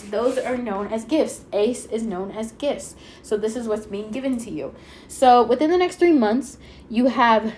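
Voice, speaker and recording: A woman with a fairly high voice reads tarot cards for her viewers in a chatty, excitable way, full of fillers. Her nose sounds slightly stuffy. There is a faint hiss of noise in the background. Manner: chatty, excitable, fast-talking with many fillers. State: a little stuffy-nosed. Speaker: tarot reader. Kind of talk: pick-a-card tarot reading.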